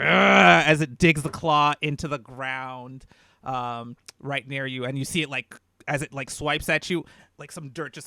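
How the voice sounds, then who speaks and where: A young man runs a tabletop game with a bright, clear voice, sounding close and dry on his mic. He narrates casually, with plenty of fillers and little laughs. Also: medium pitch, no room sound. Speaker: dungeon master.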